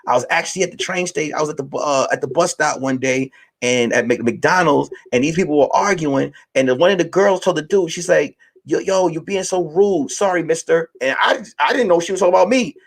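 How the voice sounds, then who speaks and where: Man, late thirties, podcast host, casual monologue, profane, animated, slightly high voice. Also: fast, vocal fry. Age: late 30s.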